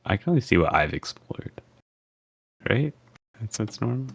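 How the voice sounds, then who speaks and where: Low gravelly joking man. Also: very animated, normal speed, no echo. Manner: joking and teasing, swears casually. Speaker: player. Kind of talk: casual chat during an online game.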